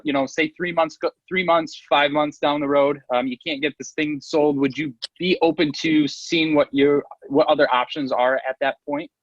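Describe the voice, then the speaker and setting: A man works through a sales script over a video call, and he sounds confident and sure of himself. His pitch sits a bit high for a man, and the audio is dull and dry. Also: fairly bright tone, no echo. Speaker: real estate agent practicing a script.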